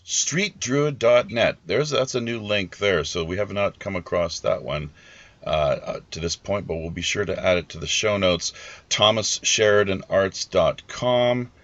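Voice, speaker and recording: A man with a lowish voice hosts a live podcast. He talks haltingly and often stops to restart his sentences. His audio is dull and lo-fi. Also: a bit bright, no echo. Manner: halting, many fillers and restarts. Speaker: podcast host.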